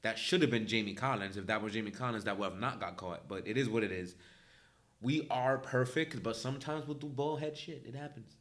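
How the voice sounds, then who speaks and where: A young man co-hosts a sports podcast, breaking down a game bluntly and jokingly with casual swearing. His voice is mid-range, fairly quick, and fairly bright.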